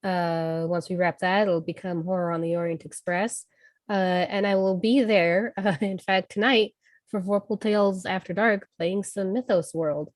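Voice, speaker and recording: A woman tabletop player and game master getting over a cold, introducing herself in a relaxed way. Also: medium pitch, moderate pace, no echo, studio quality. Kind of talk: casual introduction chat.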